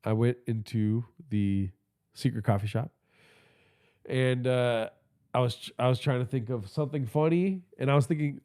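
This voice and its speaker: A man's voice: medium pitch, moderate pace, dark tone, clean tone. A man hosting a podcast livestream, telling stories in a casual, profane and rambling way, talking into a phone held in his hand, with a stuffy nose. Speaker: podcast host.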